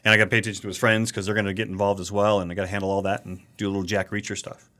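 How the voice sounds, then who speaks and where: A man with a fairly low voice chatting easily on a podcast. He laughs often and answers with short agreements. His tone stays relaxed throughout. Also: racing. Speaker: podcast co-host. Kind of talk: casual podcast chat.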